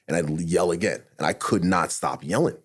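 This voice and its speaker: On a podcast, a retired SWAT officer in middle age shares a candid personal story, swearing often and quoting his own thoughts aloud. He speaks at a normal speed in a low voice with a breathy edge.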